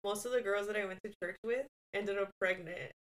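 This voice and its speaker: A woman's voice: mid-range voice, brisk, crowd noise. A woman in her thirties chatting casually as a podcast co-host, telling stories with Spanish phrases mixed in and laughing often. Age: 30s. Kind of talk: casual chat.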